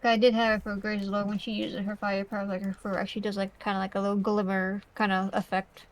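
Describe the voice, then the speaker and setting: A woman's voice: mid-range voice, level tone, fast. A woman joining a stream, bantering casually and teasing her friend. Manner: playful, teasing. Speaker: co-streamer guest.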